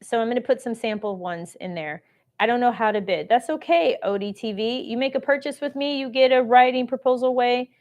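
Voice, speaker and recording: A woman's voice: on the high side, a little fast, few pauses, a little mellow. A woman hosting a live-streamed shopping show, talking chattily and salesy while reading out and answering viewer comments. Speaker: host of a live shopping stream on government contracting.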